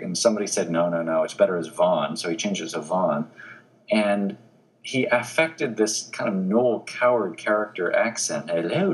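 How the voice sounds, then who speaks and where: A man who is a newspaper obituary editor, a guest in an interview, telling anecdotes in an animated way with frequent restarts. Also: on the low side, rough recording.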